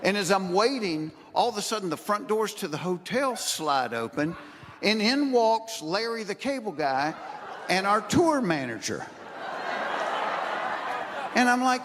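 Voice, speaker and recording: A man doing stand-up, telling a long story and acting out the quoted lines, sometimes building to shouted punchlines. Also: high voice, sing-song, measured pace, background noise. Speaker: stand-up comedian. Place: stage in front of a live audience. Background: audience laughter.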